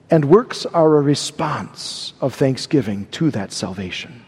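A man's voice: mid-range voice, expressive, measured pace, creaky, hardly any pauses, darkish tone, husky, in a large hall. A man preaching a sermon, stressing and repeating key words. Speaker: pastor.

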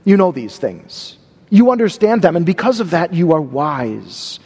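Emphatic preacher in an echoing hall. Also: male voice, fairly high pitch, sing-song, measured pace, a little mellow, slightly rough. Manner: emphatic, repeats words for stress. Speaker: pastor. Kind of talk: sermon.

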